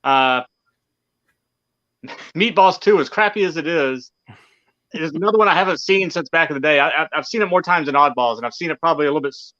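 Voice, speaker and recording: Quick, bright-toned man co-hosting a casual podcast, hedging as he rambles. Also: fairly high pitch. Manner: rambling, hedging, laughs often. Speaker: podcast co-host. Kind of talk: casual live-stream chat. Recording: dull lo-fi sound.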